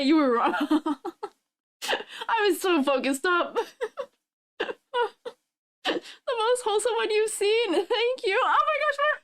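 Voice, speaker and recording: A woman's voice: very high-pitched, fairly bright tone. A woman streamer chatting casually with viewers, laughing and crying happy tears as she thanks them. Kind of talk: casual live-stream chat.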